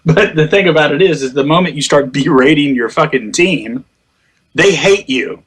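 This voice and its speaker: A man tells casual stories about online gaming, swearing a lot, laughing, and acting out the quotes. His voice is a little high, husky, and fairly bright, at a moderate pace.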